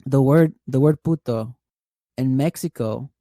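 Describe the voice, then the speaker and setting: A man from California chats as a podcast guest. He tells a long, meandering story packed with "like" fillers. His voice is mellow and dark, and it sounds dry and close to the mic. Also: medium pitch, unhurried, no echo. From California, USA. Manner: rambling storyteller, heavy use of "like", laughs often. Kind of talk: casual chat.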